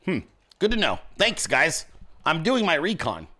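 A man's voice: fairly high pitch, wildly swooping pitch, a little slow, sharp tone. A man hosting a political commentary show, blunt and crude, ranting at his audience in casual speech. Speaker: show host.

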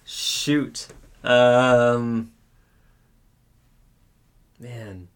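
A man's voice: mid-range voice, level tone, clear, resonant tone. A man, a regular guest on a podcast, chatting casually and often stopping to search for a name he can't recall. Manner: halting, searches aloud for names. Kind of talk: casual chat.

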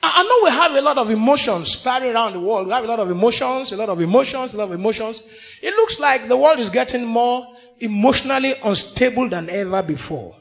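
A man with a Nigerian accent preaches in church, his voice sitting unusually high. His delivery is animated and emphatic, rising to shouts and falling to hushed asides. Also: vocal fry. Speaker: pastor. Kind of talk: sermon.

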